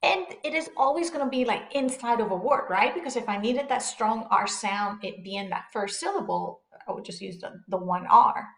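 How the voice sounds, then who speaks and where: A woman teaching beginners, drilling syllables slowly and repeating each example word twice. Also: on the high side. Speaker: Spanish teacher. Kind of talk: beginner pronunciation lesson. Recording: echoey room.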